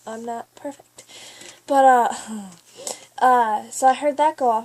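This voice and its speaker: A teenage girl telling a long, rambling story to camera in a chatty way. She often swears and then apologizes, and she keeps breaking off into quick asides. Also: sits high, darkish tone. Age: teens. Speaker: vlogger.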